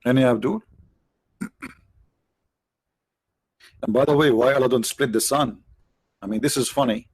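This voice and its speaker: A man's voice: mid-range voice, unhurried, long pauses, darkish tone, slightly rough, dry recording. Sarcastic man with a tired voice. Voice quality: non-native English phrasing. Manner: sarcastic, mocking, rhetorical questions. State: tired voice, clearing throat. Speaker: livestream host. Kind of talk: mocking debate commentary.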